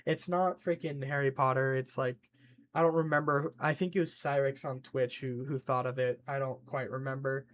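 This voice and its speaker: A man chatting casually on a stream in an excitable, rambling way, reacting to chat and scolding his pet. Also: medium pitch, normal speed.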